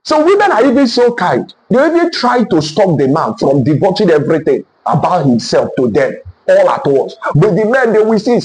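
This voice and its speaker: A man's voice: high-pitched, very animated, normal speed, hardly any pauses, darkish tone, poor audio. A man giving relationship advice in an emphatic, repetitive lecturing manner. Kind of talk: motivational relationship talk.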